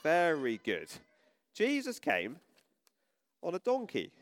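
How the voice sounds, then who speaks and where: A man preaching an all-age sermon in a church, asking children questions in an animated way. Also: a little high, slow, very noisy.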